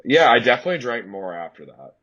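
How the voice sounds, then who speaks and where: A man's voice: fast talker, dull audio. A young man in his twenties hosting a podcast, telling stories in casual chat. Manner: animated storyteller, leaps way up in pitch for quoted shrieks. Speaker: podcast host.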